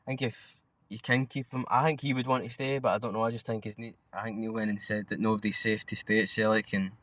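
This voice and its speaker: A man's voice: lowish voice, level tone, fast, a bit bright, dry recording. A young Scottish man co-hosting a podcast, chatting casually about football in a blunt, sweary, rambling way. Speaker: podcast co-host.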